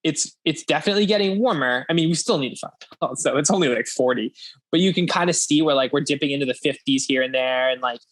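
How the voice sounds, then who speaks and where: A young man on a podcast with a slightly higher voice, talking loosely and rambling. He swears casually, laughs easily, and keeps the chat relaxed. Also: fast. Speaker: podcast host.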